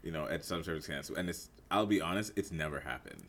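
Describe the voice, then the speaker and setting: A man's voice: extremely low pitch, animated, fast, creaky, fairly bright tone, slight background noise. A young man co-hosting a podcast, playful and teasing in casual chat with bursts of laughter. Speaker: podcast co-host.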